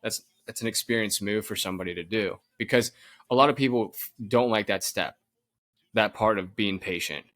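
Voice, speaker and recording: A man's voice: lowish voice, normal speed. A young adult man co-hosting a podcast, chatting casually and telling stories with lots of restarts and laughs. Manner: animated storytelling, frequent laughs and restarts. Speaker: podcast co-host. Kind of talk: casual chat.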